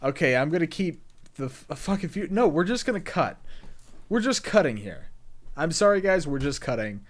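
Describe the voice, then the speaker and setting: A young man from the Deep South with a Southern accent, co-hosting a casual podcast chat and swearing freely. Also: sing-song, moderate pace. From Deep South, USA. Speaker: podcast co-host.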